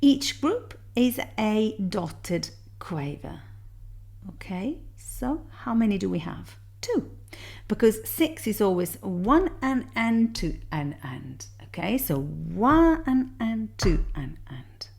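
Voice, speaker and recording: A woman's voice: mid-range voice, very animated, slow pace, creaky, darkish tone. A woman teaching music theory, patiently explaining exam answers step by step and counting beats aloud.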